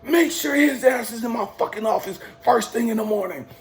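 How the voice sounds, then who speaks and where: A man doing a loud, ranting army commander. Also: extremely high pitch, brisk, voice pushed up. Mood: barking. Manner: yelling, scornful.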